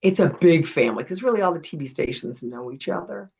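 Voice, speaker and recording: A middle-aged woman with a gravelly, husky voice tells stories as an interview guest. She talks in an animated way and acts out the people she quotes. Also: fairly low pitch, fast, highs cut off. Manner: animated storyteller acting out quotes. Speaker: guest, retired television producer. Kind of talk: casual storytelling interview.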